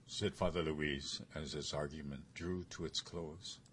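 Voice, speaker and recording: A man narrating a story in a measured, expressive way. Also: extremely low pitch, a little hiss or hum. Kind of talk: story reading.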